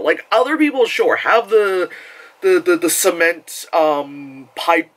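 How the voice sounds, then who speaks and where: A man reviews a film in a loose, chatty way. His voice sits a little high and swings widely up and down. He keeps tumbling over fillers and jumps into loud, shouted impressions of the crowd. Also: measured pace, low-quality recording. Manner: rambling and animated, full of fillers, acts out shouts from the crowd. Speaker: movie reviewer. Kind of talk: casual spoken movie review.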